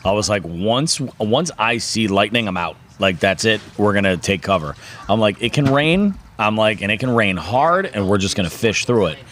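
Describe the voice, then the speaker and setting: A man's voice: on the low side, expressive, moderate pace, fairly bright tone. A man hosting a fishing podcast in casual chat, rambling along with many fillers and restarts.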